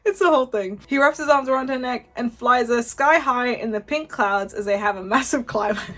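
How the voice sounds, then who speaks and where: A woman's voice: a little high, fairly quick, a bit bright. A woman hosting her channel, reading fanfiction aloud casually and often breaking into laughter. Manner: giggly, keeps breaking into laughter.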